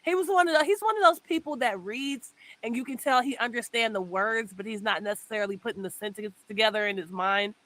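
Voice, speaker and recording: A woman's voice: on the high side, fast talker, few pauses, fairly bright tone, poor audio. Amused woman explaining in casual chat. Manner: amused, explaining, laughs while talking.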